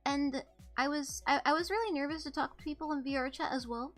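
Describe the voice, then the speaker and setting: Bright high-voiced young woman streamer. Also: brisk, faint music behind. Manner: rambling, giggly, apologetic. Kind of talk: casual live-stream chat.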